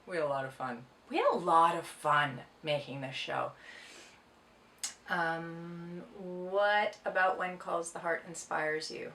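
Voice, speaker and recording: A middle-aged Canadian actress records herself casually reading fan questions aloud and answering them in a playful, joking way. Her voice is on the low side, slow and sharp-toned. The room echoes, and she's far from the mic.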